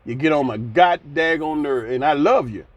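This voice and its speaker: A man's voice: fairly high pitch, moderate pace, dull audio. A man in his sixties giving blunt, folksy commentary, ranting and sighing between points. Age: 60s. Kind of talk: casual commentary vlog.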